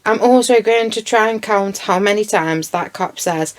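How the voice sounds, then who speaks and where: A woman's voice: mid-range voice, flat delivery, normal speed, few pauses. A woman giving blunt, indignant commentary over video footage and swearing freely. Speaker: true crime commentator.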